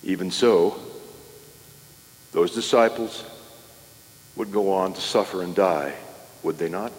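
A man preaching a sermon, earnest and measured, with solemn pauses. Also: deep voice, in a large hall. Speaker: pastor.

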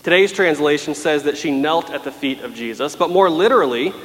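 A man's voice: a little high, fairly quick, fairly bright tone. Male preacher, emphatic sermon delivery, voice ringing in a big reverberant hall. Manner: emphatic, dramatic voicing of pleas.

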